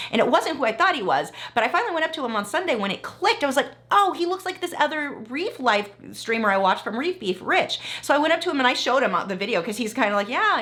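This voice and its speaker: A woman artist talking to camera in a casual vlog, chatty and animated, full of asides and restarts. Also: on the high side. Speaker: artist vlogger.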